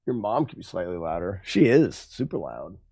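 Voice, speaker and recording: A man streaming his game work, talking things through in a casual, halting way. His voice moves expressively up and down as he muses and corrects himself, and he keeps up a loose, self-correcting flow. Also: low voice, sing-song, vocal fry, dark tone, slightly rough. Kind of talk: casual think-aloud commentary.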